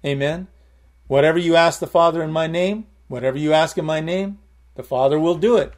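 A man's voice: a little high, a little fast. Man preaching an emphatic sermon. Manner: emphatic, addresses the congregation directly with repeated calls of "Amen?"; repeats and restarts phrases while building a point.

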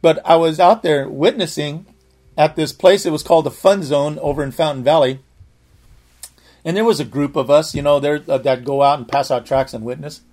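A man's voice: on the high side, moderate pace, a little mellow. A man preacher telling a personal testimony in a sermon, earnest and full of restarts. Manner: earnest storytelling, frequent restarts.

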